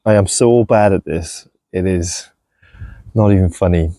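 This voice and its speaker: A man chatting casually while he shows his farm and garden, relaxed and self-deprecating, with a clip-on mic. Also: low voice, measured pace, no echo. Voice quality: gravelly. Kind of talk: casual walk-and-talk vlog. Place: outdoors on a farm and in a polytunnel. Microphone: clip-on mic on clothing.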